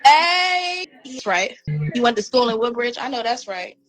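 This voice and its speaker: A woman's voice: a little high, lively intonation, unhurried, fairly bright tone, faint music behind, low-quality recording. A woman from Northern Virginia giving casual gossip commentary, blunt and mocking, repeating phrases for emphasis. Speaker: commentary streamer.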